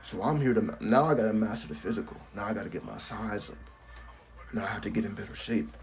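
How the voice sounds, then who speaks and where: A man's voice: lowish voice, fast. A man giving a casual live-stream talk on a cell phone, blunt and profane, tagging his points with "right?", with faint music behind him. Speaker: spiritual content creator.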